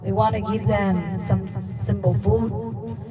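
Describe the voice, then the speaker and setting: A Vietnamese-born woman with a Vietnamese accent, a livestream host telling a personal story in halting English and repeating words for emphasis. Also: medium pitch, steady tone, a loud crowd. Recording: distant mic with music behind.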